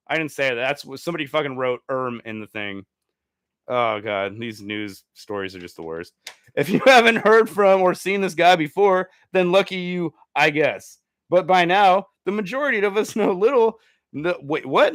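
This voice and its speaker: A man hosts a comedy news show in a fairly high voice at normal speed, recorded with studio quality and no room sound. He reads stories aloud but keeps breaking into crude, swearing asides and giggles, swinging animatedly from mutters to exclamations.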